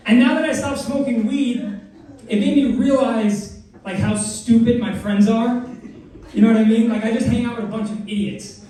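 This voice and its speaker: A man's voice: extremely high pitch, fairly even intonation, normal speed, recorded from a distance. A man in his twenties doing a rambling, self-mocking, crude stand-up set in a comedy club. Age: 20s. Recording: echoey club, mic heard from afar, crowd noise. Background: audience laughter.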